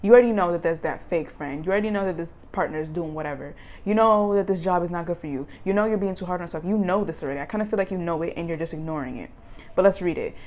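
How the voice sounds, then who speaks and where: A young woman talks through a tarot card reading in a casual, chatty way. She gets excitable and emphatic, and she repeats phrases to drive her point home. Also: on the low side, racing. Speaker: tarot reader.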